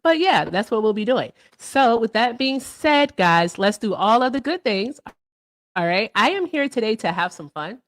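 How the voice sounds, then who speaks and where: A woman's voice: mid-range voice, very animated, normal speed, a bit bright, dry recording. A woman hosting a casual livestream, chatty and upbeat, who keeps repeating stock phrases and laughs often. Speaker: livestream host.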